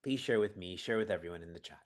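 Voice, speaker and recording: Talking fast in a low-pitched voice, a man leads an online seva training from his prayer room. He engages the audience by asking them questions and laughs between points.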